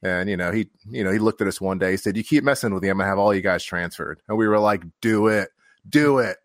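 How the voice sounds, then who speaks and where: Male fire officer guest, lowish voice, dry close sound, candid storyteller who acts out quotes and swears freely. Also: steady tone, racing, fairly bright tone, dry recording. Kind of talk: storytelling in casual conversation.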